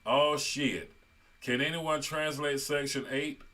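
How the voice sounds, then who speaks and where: A man's voice: fairly high pitch, fairly even intonation, slow, sharp tone. A male host giving online commentary, talking casually and reading viewer comments aloud.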